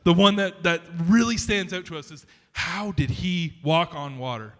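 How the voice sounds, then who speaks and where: A man preaching a sermon as pastor, conversational and animated, with frequent restarts and asides to the congregation. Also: high voice, normal speed. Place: church sanctuary. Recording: reverberant church hall.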